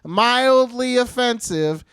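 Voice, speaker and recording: A man's voice: very high voice, lively intonation, takes it slowly, creaky, fairly bright tone, clear, resonant tone, no room sound. A young man co-hosting a podcast, chatting casually and joking around with frequent swearing. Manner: profane, joking, rambling. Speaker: podcast co-host. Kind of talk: casual chat.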